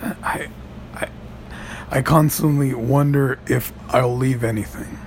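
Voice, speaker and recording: Gravelly man in a profane rant. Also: slow pace, slight background noise. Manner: animated, profane, swings from mutters to high shouts. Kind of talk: profane stand-up style rant.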